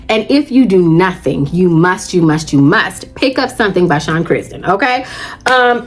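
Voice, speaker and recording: A woman vlogging about audiobooks in a casual chat, gushing and chatty, calling her viewers "child" and "baby". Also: medium pitch.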